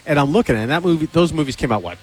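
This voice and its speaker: A man hosting a casual chat show, animated and joking, firing off questions. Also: on the high side, rapid-fire, husky. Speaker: host.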